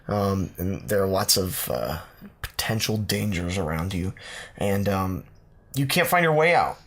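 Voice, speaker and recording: A man co-hosting a podcast, improvising a playful fantasy story with many fillers and pauses. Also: deep voice, sing-song, fairly bright tone. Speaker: podcast co-host narrating a comic fantasy story.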